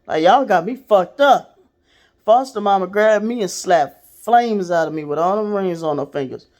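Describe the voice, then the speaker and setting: With a medium-pitched, somewhat dark voice at a moderate pace, this woman runs a podcast. She speaks straight to her audience, recounting something from her own life in a frank, foul-mouthed, relaxed manner.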